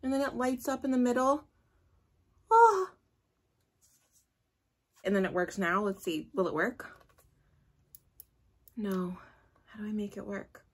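A woman hosting a casual unboxing vlog, gushing and excitable, with gasps and squeals. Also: medium pitch, normal speed, long pauses, husky. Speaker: vlogger host.

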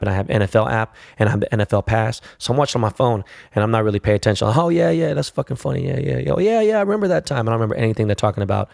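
Profane, low-voiced man. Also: no echo, studio quality. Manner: profane, rambling, animated storyteller. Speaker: podcast host. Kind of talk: casual solo storytelling.

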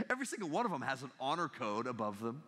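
A man in his thirties giving a humorous talk as a guest speaker, telling stories in an animated way and laughing often. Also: mid-range voice, fast. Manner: animated storytelling with frequent laughter. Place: large university lecture hall. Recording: long hall reverb.

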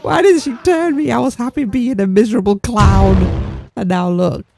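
A woman's voice: a little high, moderate pace, gravelly, loud music behind the voice. A woman voicing a male clown turned werewolf, sulky and complaining.

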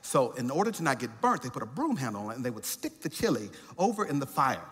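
A man's voice: medium pitch, big pitch swings, fast talker, a bit bright, husky. A man voicing an ordinary woman explaining a family heirloom, earnest and chatty. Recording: church hall with long reverb.

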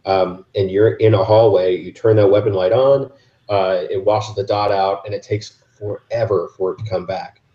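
A man's voice: lowish voice, flat delivery, moderate pace, roomy sound, dull audio. A man talking casually on a podcast, explaining gear with lots of fillers and restarts. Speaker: podcast host. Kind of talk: casual chat.

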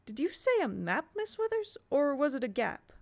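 Woman narrator playing a young boy, high and babbling. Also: gravelly, exaggerated voice. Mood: gabbling. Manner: fast nonsense chatter, high and excited. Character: young boy, panicked and gabbling.

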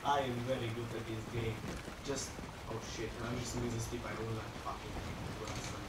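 A man's voice: medium pitch, fairly even intonation, moderate pace. A teenage boy hosting a casual gaming video, goofing around, joking, swearing and laughing often. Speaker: gameplay host. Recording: roomy, distant mic, noisy background.

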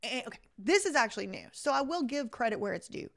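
A woman hosting a live reaction stream, reading an article aloud and commenting in an animated, exasperated way straight to her viewers. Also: a little high, quick pace, creaky.

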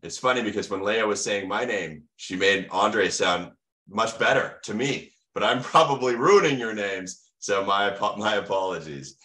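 A man's voice: fairly low pitch, moderate pace, sharp tone. A middle-aged American man giving an online medical lecture, asking the audience questions and answering them himself with teacherly enthusiasm. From United States.

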